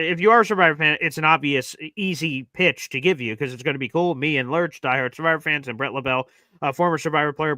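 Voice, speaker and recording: A man's voice: on the high side, pushed and bright, dry recording. A man co-hosting a live sports talk stream, upbeat and promotional, with plenty of fillers. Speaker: co-host of a sports talk show. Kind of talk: casual live-stream chat.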